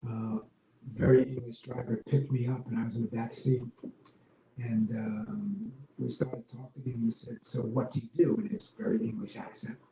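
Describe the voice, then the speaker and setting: Gravelly older man telling stories. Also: medium pitch, warm tone. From Long Island, New York. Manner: rambling, many ums and restarts. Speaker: interview guest, former arena executive. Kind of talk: casual interview storytelling. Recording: dull, roomy podcast audio with faint noise.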